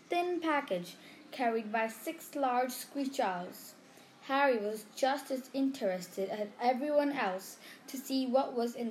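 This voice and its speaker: A woman reading a storybook aloud, unhurried, with small slips. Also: fairly high pitch, darkish tone, slight background noise. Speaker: reader.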